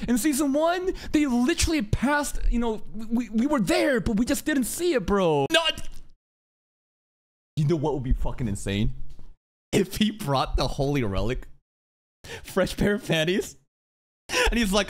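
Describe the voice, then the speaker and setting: A man giving live reaction commentary on an anime, excitable and profane, often yelling at his chat. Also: high voice, takes it slowly.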